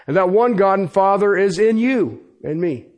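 A man's voice: high voice, expressive, moderate pace, a little mellow. A man preaching a sermon as pastor, emphatic and repetitive, often checking in with his listeners. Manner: emphatic preaching with sudden pace shifts and repeated "Okay?". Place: church.

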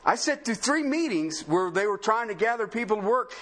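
A man's voice: sits high, expressive, brisk, few pauses, fairly bright tone. A man preaching a sermon in a conversational, sarcastic way, full of rhetorical questions. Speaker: pastor.

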